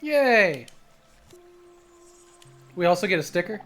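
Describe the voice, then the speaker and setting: A man's voice: sits high, big pitch swings, slow pace, fairly bright tone, soft background music. A man streaming a video game, joking around crudely and reading the on-screen dialogue aloud. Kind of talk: casual gameplay commentary.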